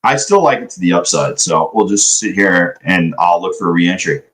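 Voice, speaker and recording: A man's voice: low-pitched, expressive, moderate pace, a bit bright, poor audio. A young man day trading live, chatting loosely with his stream viewers and swearing now and then. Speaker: livestream day trader. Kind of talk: casual live-stream chat.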